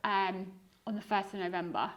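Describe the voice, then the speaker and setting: A woman's voice: medium pitch, fairly even intonation, moderate pace. Woman, thirties, light Scouse accent; loose, rambling guest chat full of "like" and "um". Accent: diluted Liverpool (Scouse). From Liverpool, England. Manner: rambling, many fillers and restarts. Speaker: guest eBay reseller. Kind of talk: casual podcast chat.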